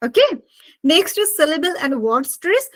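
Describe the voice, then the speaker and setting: Leading an online spoken-English class, a Bengali-accented woman switches between English and Bengali while asking her students questions. She speaks at a moderate pace in a very high, slightly bright voice that is highly animated.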